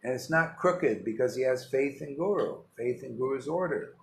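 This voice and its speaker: A man's voice: medium pitch, lively intonation, moderate pace, vocal fry. Emphatic man giving a rambling devotional talk. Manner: emphatic, rambling, full of rhetorical questions. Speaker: spiritual teacher. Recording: roomy echo with faint ambience.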